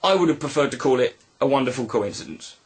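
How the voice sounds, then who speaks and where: A man telling a personal story in a reflective video monologue, halting and earnest with many restarts. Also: medium pitch, animated, slightly rough. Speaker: video blogger.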